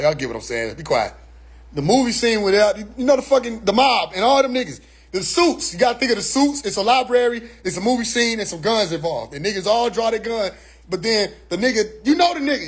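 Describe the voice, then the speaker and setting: Man, high voice, husky, animated casual monologue, stumbling restarts. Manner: animated, repeats words as he restarts.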